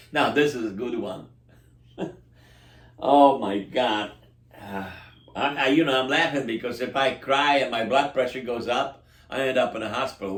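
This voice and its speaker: A man's voice: mid-range voice, roomy sound. A man speaking as a local resident, venting indignantly in a rambling, casual monologue full of restarts and broken grammar. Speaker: local resident complaining about city officials. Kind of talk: casual spoken complaint monologue.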